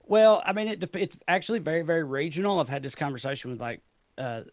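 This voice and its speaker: A man's voice: on the high side, fast talker, no echo, clean studio sound. A man with a Southern Tennessee accent, a comedian talking loosely and often laughing in an interview. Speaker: comedian guest. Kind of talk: casual interview chat.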